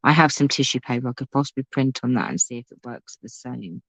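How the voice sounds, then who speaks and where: A woman with a bass voice hosts a casual crafting livestream, chatting and thinking aloud as she works and talking to her pet. She speaks fast with lively intonation, and there's no room sound.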